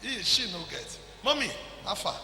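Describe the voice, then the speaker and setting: A man with a Nigerian accent preaching a sermon as pastor, calling people forward and shouting at the peaks. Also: high-pitched, big pitch swings, normal speed, creaky, echoey room, big-room sound, a little hiss or hum.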